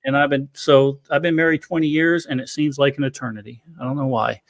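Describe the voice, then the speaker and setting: A man's voice: medium pitch, fairly even intonation, fairly quick. A man in his forties from Florida hosting a podcast in casual chat, easygoing and rambling, often laughing. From Florida, USA. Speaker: podcast host.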